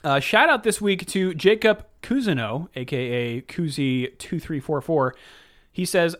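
A man's voice: a little high, lively intonation, measured pace, fairly bright tone. A man hosting a motorsport podcast, chatting casually with dry puns and mock-announcer segment reads. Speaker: podcast host. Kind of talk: casual chat.

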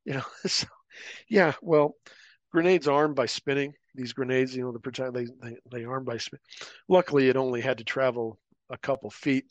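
A middle-aged man spins a casual war anecdote, jumping into higher voices whenever he quotes someone. His voice sits at an ordinary middle pitch, and the mic is close, with a dry, dead sound. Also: moderate pace, no room sound, highs cut off. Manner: animated anecdotes, acting out quoted voices, laughing. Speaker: podcast guest, former paramilitary officer. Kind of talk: casual storytelling interview.

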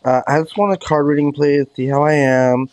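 A man calling in, asking softly and earnestly for a tarot reading. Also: a little high, level tone, moderate pace, low-quality recording. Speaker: caller. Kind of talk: casual call-in request.

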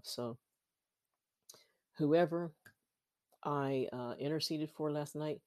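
Mellow, rambling Christian podcast host. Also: medium pitch, slow pace, no room sound. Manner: rambling, repetitive, preachy with frequent amens. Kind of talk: casual Christian podcast talk. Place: sitting on a bed at home at night. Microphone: laptop.

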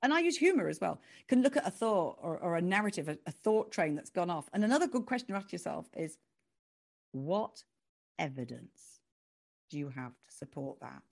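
A woman's voice: fairly low pitch, moderate pace, vocal fry. A woman, talking animatedly as an author guest in an interview. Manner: animated, expressive, laughs easily. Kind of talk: conversational interview.

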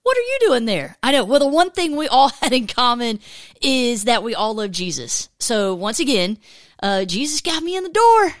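A woman's voice: a little high, moderate pace, no room sound. A woman in her late forties with a lilt chats her way through a faith podcast. She tells stories with lots of energy and laughs easily. Her voice is close and dry, with no room sound around it. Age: 40s. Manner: chatty, laughs often, animated storytelling. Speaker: podcast host. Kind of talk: casual faith podcast chat.

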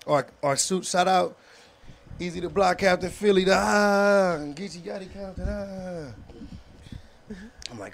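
Guy with a high-ish voice spinning a wild story, slangy and profane, keeps going "you know what i'm saying". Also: unhurried, vocal fry, pauses often. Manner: profane, slangy street talk. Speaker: podcast guest telling a story; battle rapper. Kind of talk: animated casual storytelling.

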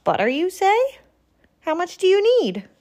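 A woman voicing a kind, generous female porcupine in a storybook, in a bright, friendly, lilting voice. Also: on the high side, very animated, slow, full character voice.

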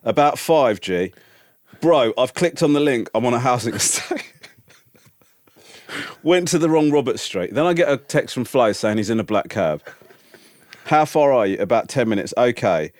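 A man's voice: mid-range voice, expressive, normal speed, pauses often, a little mellow, dry recording, clean studio sound. A man co-hosting a podcast in casual chat, teasing his partner with sarcastic banter. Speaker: podcast co-host.

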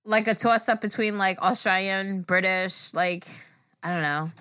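Bright, rambling young woman co-host. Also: medium pitch, unhurried, clear, resonant tone, no echo. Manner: rambling, self-deprecating. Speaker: podcast co-host. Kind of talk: casual chat, reading listener messages.

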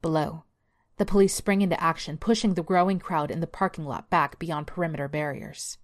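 A woman narrates a horror story in a lowish voice, measured and suspenseful. Her reading moves steadily from line to line, each beat set down with care. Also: fairly even intonation.

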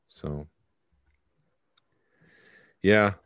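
A man's voice: extremely slow, a bit bright, no room sound, clean studio sound. A man co-hosting a podcast, chatty and joking while reading prices aloud. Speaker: podcast co-host. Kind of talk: casual chat.

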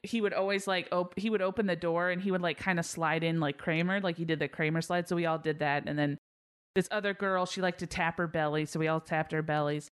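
A woman co-hosting a podcast, telling an animated story and laughing often. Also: lowish voice, brisk, clear, resonant tone. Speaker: podcast co-host. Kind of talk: casual chat.

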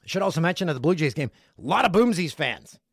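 This podcast host, a middle-aged man from Canada, jokes his way through listener messages in his home studio with a lively, playful delivery. He talks quickly in a fairly high voice with vocal fry and a breathy edge, and there's no echo.

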